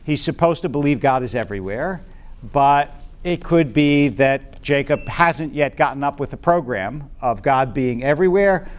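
A man teaching a Bible study class to a group in a room. He lectures informally, often checking in with "right?" and pausing on "um". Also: medium pitch, animated. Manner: conversational, checks in with "right?", frequent "um".

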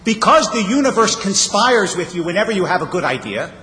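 A man's voice: high-pitched, big pitch swings, brisk, bright, forceful tone. A man giving a sermon as a rabbi, telling stories with wry humor. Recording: reverberant hall, faint ambience.

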